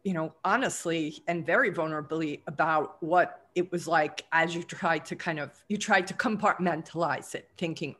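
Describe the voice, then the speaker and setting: An interview host asks long, searching questions in a mid-range voice. The questions come haltingly, with words repeated as they take shape. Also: medium pitch, a bit bright. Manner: hesitant, repeats words while forming questions.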